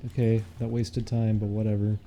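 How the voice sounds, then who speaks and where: A man streaming a video game, chatting casually, jokey and quick to swear at the game. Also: fairly low pitch, monotone, mellow, slight background noise. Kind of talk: casual gameplay commentary.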